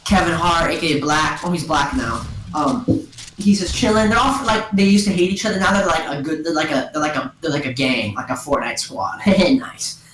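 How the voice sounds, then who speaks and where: A woman excitedly retelling a story to friends over voice chat, rambling with lots of "and then" and "like", on a gaming headset at home. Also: sits low, moderate pace, roomy sound, a little hiss or hum, rough recording. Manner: excitable, giggly, full of "and then" and "like".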